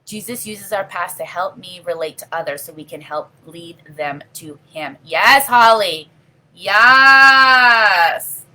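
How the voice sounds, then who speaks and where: A woman's voice: low voice, fairly even intonation, normal speed, few pauses, fairly bright tone. A middle-aged woman hosting a casual live video, talking earnestly and rambling while answering viewer comments. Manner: earnest, heartfelt, rambling with frequent you know. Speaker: livestream host.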